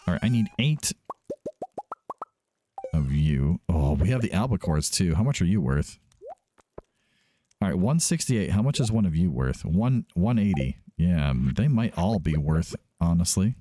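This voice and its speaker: A man's voice: low voice, big pitch swings, measured pace, long pauses, warm tone, a little hiss or hum. A man hosting a let's play, giving casual gameplay commentary, chatty and thinking aloud as he often corrects himself.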